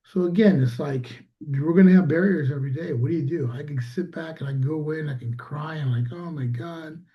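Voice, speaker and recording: A man's voice: a little high, quick pace, lo-fi sound. A man, a small business owner, telling a story in casual conversation and acting out quoted dialogue.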